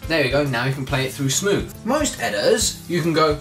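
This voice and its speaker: A young adult, ranting casually in a vlog with lots of swearing and sudden jumps toward shouting. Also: mid-range voice, a little fast, hardly any pauses, faint music behind. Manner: animated, sweary ranting with big swings up to near-shouting. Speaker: vlogger.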